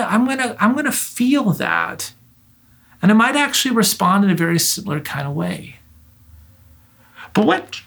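A man's voice: high-pitched, a bit bright. A man preaching a sermon, earnest and direct, asking his listeners rhetorical questions.

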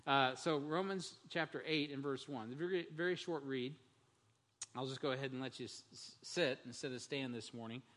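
A man's voice: mid-range voice, moderate pace, a bit bright. A man preaching a Sunday morning sermon as pastor, in a conversational style with frequent restarts and fillers. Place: church sanctuary. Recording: long church-hall reverb.

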